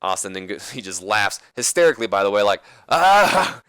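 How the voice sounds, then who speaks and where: A man's voice: lowish voice, quick pace, fairly bright tone, smooth, dry recording. A man giving casual, rambling commentary on a wrestling management game, correcting himself as he goes. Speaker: let's play commentator.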